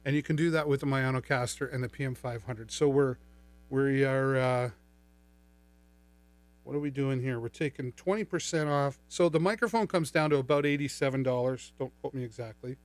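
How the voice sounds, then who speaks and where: A live shopping stream host, a middle-aged man, chats in a playful, upbeat way while demoing a mic and mixer. He speaks at normal speed with a medium-pitched voice. His studio microphone goes through a mixer, and the recording has no room sound.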